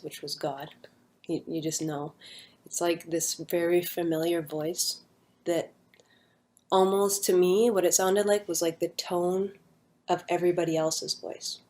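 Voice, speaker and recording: Low-voiced woman, rambling and earnest. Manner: rambling, filler-heavy, hushed and earnest. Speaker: storyteller recounting a near-death experience. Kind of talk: casual personal testimony.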